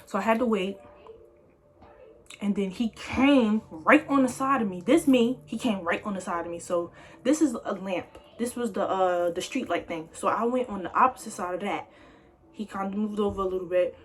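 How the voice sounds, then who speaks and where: A young woman vlogger telling a story in a casual, slangy, animated way. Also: medium pitch, moderate pace, a little hiss or hum. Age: young adult.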